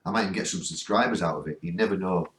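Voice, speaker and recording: Speaking very fast in a low, slightly bright voice, a northern English man hosts a ghost hunt and coaxes spirits through a spirit box. This ghost-hunting vlogger stands in a cold spot, earnestly pleading for answers as his voice echoes around the room.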